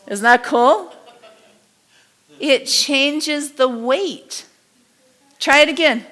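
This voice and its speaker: Middle-aged lady teaching a class live, kinda high voice, acts out quotes, very animated. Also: very slow. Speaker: body language teacher.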